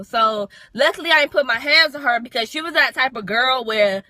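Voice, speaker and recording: A young woman in her twenties tells a casual storytime vlog in a high, bright voice. She is animated, leans on fillers and swears freely. The sound is close and dry. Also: a little fast, no room sound. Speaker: vlogger.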